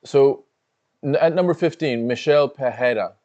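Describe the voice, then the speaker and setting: A man's voice: medium pitch, moderate pace, darkish tone, highs cut off. A man co-hosting a live fight watch-along, talking loosely and swearing while fiddling with the stream. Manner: loose, profane, talks while working the screen. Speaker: livestream co-host. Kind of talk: casual watch-along chat.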